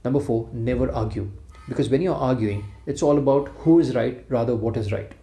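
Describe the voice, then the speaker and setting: A man's voice: mid-range voice, a little fast, warm tone, soft background music. A man giving a motivational talk, telling a story and speaking emphatically to his listeners. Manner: emphatic, addresses listeners directly. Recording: echoey room.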